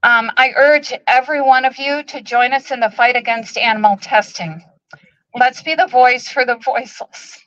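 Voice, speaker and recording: A woman, the president of an animal rights group, gives an emotional, halting speech at an outdoor protest, with many ums. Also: fairly high pitch, steady tone, fairly bright tone, dry recording, lo-fi sound.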